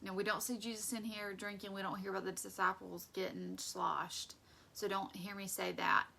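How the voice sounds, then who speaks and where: A woman's voice: mid-range voice, little pitch movement, normal speed, creaky, pushed and bright, slight background noise. A young adult woman teaching a Bible study in a chatty, conversational way, acting out voices as she goes.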